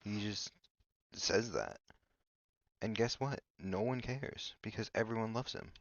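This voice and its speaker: Male podcast host, deep and slow, rambling comedic monologue, dull lo-fi dry sound. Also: no room sound. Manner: hesitant, filler-heavy, restarts often.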